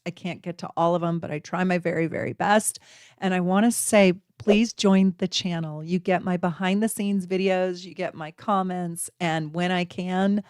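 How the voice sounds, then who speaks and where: Astrology lady chatting to cam, animated, laughy, mid voice, dry close sound. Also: fairly low pitch, dry recording. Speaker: astrology channel host. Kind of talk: casual talk to camera.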